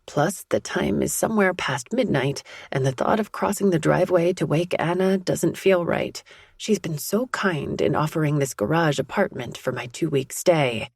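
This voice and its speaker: A woman reading a romance audiobook in a soft, intimate first-person narration. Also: low-pitched, animated, moderate pace, gravelly, husky, dry recording, clean studio sound.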